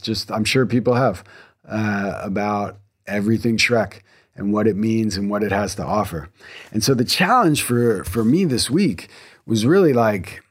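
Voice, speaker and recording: Guy in his 30s doing a solo podcast from his garage, rambly and excited, mid-pitched voice. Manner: enthusiastic, rambling, self-correcting. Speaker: podcast host. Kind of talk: casual solo podcast talk. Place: home garage studio.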